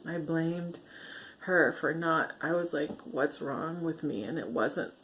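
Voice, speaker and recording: A woman talking earnestly to her camera in a personal vlog, halting and soft, getting emotional and laughing gently through it. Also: low voice, slight background noise. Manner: soft, halting delivery with fillers and repeats. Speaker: vlogger sharing her healing story. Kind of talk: heartfelt personal vlog talk.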